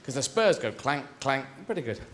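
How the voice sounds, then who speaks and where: A man performing rambling stand-up comedy with quick asides on a theatre stage. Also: mid-range voice, very animated, fairly bright tone. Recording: echoey theatre, faint noise.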